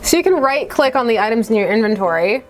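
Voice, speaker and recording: A woman's voice: on the high side, lively intonation, fast talker, soft background music. A woman hosting a casual let's play, chatty and reading the game text aloud with wry asides. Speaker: gaming video host.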